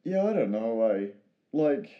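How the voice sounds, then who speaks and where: A man's voice: mid-range voice, sing-song, measured pace, highs cut off. A man co-hosting a podcast, joking playfully and trailing off mid-thought. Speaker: podcast co-host. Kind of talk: casual chat.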